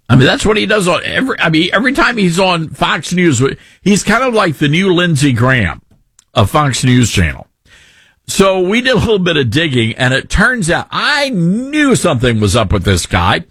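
A man's voice: fairly high pitch, very animated, normal speed, a bit bright, slightly rough, no room sound. A man with a Southern accent hosting talk radio, ranting sarcastically in an opinionated way.

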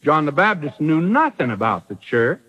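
This sermon comes from a man whose high, bright voice carries a breathy edge, moving at a normal pace with lively, dramatic emphasis. He acts out quotes, so his pitch rises and falls sharply from one phrase to the next. Poor recording quality gives it a thin, vintage-radio feel.

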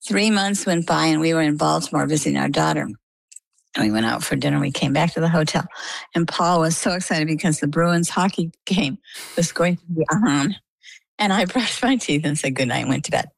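A woman's voice: sits low, a little fast, gravelly, dry recording, poor audio. A middle-aged woman from Maine, telling her own story as an interview guest and acting out what others said to her. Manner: lively storyteller, acts out quoted dialogue.

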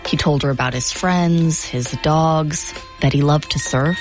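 A woman hosting a documentary podcast, narrating the story and questioning her guest in a measured way. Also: deep voice, over music. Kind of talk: scripted narration and interview questions.

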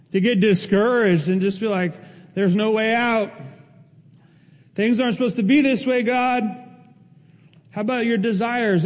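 A man's voice: sits high, a little mellow. A male pastor preaching a sermon in an earnest, emotional way, rising to emphatic peaks. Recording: long hall reverb.

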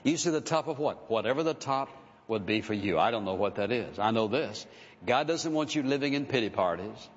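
A man's voice: mid-range voice, lively intonation, brisk. A male pastor preaching a sermon, earnest and emphatic, asking his listeners pointed rhetorical questions. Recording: dull, echoey hall sound.

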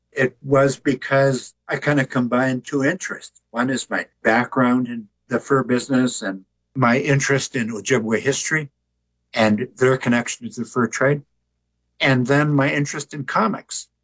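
An older man, an author and artist, talking in an interview with a relaxed, joking storytelling manner. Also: mid-range voice, normal speed, slightly rough, low-quality recording. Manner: relaxed storyteller who jokes.

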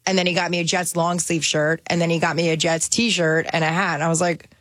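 A woman's voice: lowish voice, flat delivery, fairly quick, fairly bright tone, no room sound. A woman from New Jersey, co-hosting a radio talk show in a chatty, bubbly way. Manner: chatty, bubbly, says "like" a lot. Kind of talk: casual chat.

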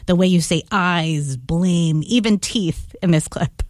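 A woman interviewing an actress, asking relaxed, chatty questions. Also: fairly low pitch, slow pace, no room sound, studio quality.

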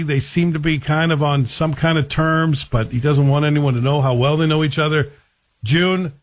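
A man giving a casual spoken review of a TV series, chatty and wry, with conversational asides. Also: a little high.

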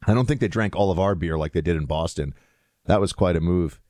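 A man's voice: low voice, a little fast, a little mellow, dry recording, studio quality. A man hosting a show, chatting in casual commentary with lots of fillers and restarts. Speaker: show host.

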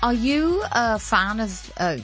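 A woman hosting a radio arts show, presenting and chatting in a brisk, lightly wry manner. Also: a little high, animated, a bit bright, faint music behind. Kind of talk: broadcast radio presenting and chat.

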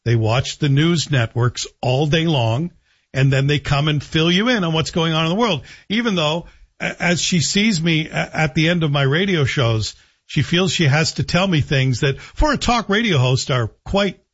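Male radio host, fairly high voice, husky, sarcastic commentary, dull lo-fi sound. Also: lively intonation, normal speed. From Canada. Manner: sarcastic, joking asides. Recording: dull lo-fi broadcast audio.

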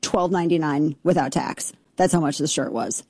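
A woman hosting a political talk show, riffing in a brash, sarcastic, fast way. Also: deep voice, darkish tone, breathy edge, dry recording.

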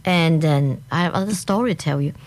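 A woman with a Hong Kong accent, a guest in a casual interview, talking with lively, broken phrasing and many restarts. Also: low-pitched, quick pace.

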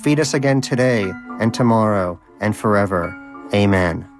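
A man's voice: on the low side, moderate pace, over music, lightly acted. A man voicing a pious, hungry, self-righteous male pet hamster in a storybook reading, with a preachy, indignant manner. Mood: prayerful.

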